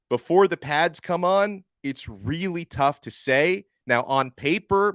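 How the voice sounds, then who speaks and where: A man's voice: fairly high pitch, a bit bright, no room sound, studio quality. A man hosting a sports podcast, giving upbeat, conversational analysis with self-deprecating asides.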